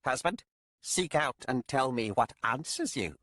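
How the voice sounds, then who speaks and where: A man voicing a cold, solemn female witch in an audiobook, speaking slowly and deliberately. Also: medium pitch, lively intonation, a bit bright, dry recording, voice pushed up. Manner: slow, measured, solemn. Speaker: audiobook narrator. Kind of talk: audiobook character voice.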